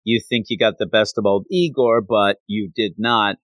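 A man's voice: fairly low pitch, steady tone, normal speed, fairly bright tone, no room sound. A man voicing a brooding, scheming Soviet spy who speaks with a sneer.

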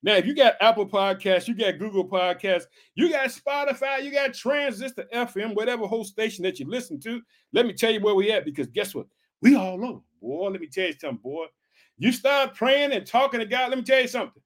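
A man from Illinois preaching an energetic podcast sermon, fervent and repetitive, calling out to his listeners again and again. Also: high-pitched, fast. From Illinois, United States. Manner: fervent, repetitive calls of "guess what" and "hallelujah".

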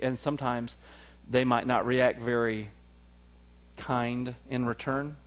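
A man's voice: steady tone, a little slow. Preaching man. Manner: call-and-response preaching, rises to loud peaks then drops low. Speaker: pastor. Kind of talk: sermon.

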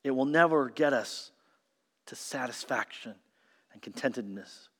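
A man preaching a sermon, telling the story with emphatic swings from loud stresses to hushed lines. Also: mid-range voice, a little slow. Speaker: pastor. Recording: long hall reverb.

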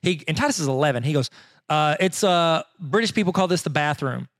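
A man's voice: fairly high pitch, expressive, fairly bright tone, no room sound, clean studio sound. A man co-hosting a podcast, making jokes and bantering in casual chat. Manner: joking, teasing, quick banter. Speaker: podcast co-host.

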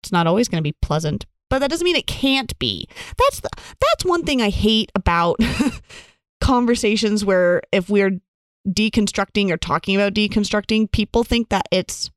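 Animated earnest woman, dry close mic. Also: mid-range voice, normal speed, smooth, no room sound. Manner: earnest, animated, many "like" fillers. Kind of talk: casual podcast chat.

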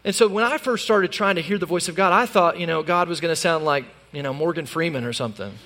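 A man preaching a sermon as pastor, conversational and animated, with sudden loud peaks. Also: a little high, quick pace, big-room sound.

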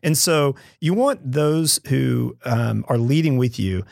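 A man on a podcast calmly explaining leadership steps in a conversational way. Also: mid-range voice, vocal fry, no echo, clean studio sound. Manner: measured, explains step by step with acted-out quotes.

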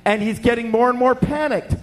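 Brisk and very high-voiced, this middle-aged man from Canada preaches a sermon that includes a humorous tale. He plays it up, jokey and lively, acting out each person's dialogue.

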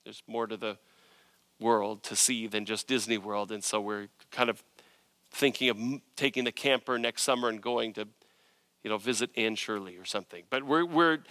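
A man's voice: mid-range voice, pushed and bright, no room sound. Earnest man preaching a sermon. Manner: earnest, conversational, searching with restarts. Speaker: pastor.

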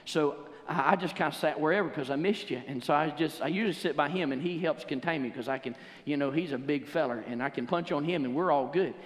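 A male pastor preaching a sermon in a church, telling stories in an animated way and breaking into exuberant shouts. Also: a little high, fast, hardly any pauses. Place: church sanctuary. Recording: long church hall reverb.

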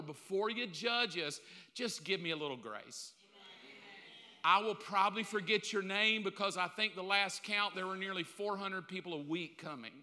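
A man's voice: sits high, pushed and bright. A man in his fifties, a pastor preaching a candid, joking sermon and acting out little scenes. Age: 50s. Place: large church hall. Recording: long hall reverb.

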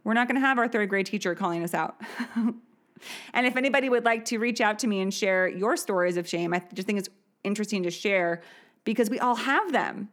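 A woman's voice: mid-range voice, fairly quick, a bit bright. Chatty woman podcaster telling a story. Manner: chatty, candid, often laughing, many fillers. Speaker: podcast host. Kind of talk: reflective personal storytelling.

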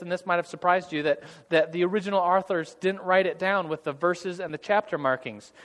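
A man's voice: sits high, a bit bright, long reverb tail. A man leading an interactive church group class, talking casually and jokingly with many restarts. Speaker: Bible class leader. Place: large hall with tables of listeners.

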